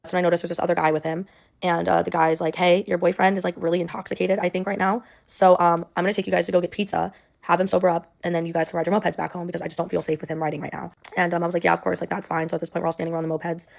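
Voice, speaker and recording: A woman's voice: lowish voice, flat delivery, very fast, creaky. A young woman telling a personal story in a rambling way, full of "like" and "um". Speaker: storyteller in a clip.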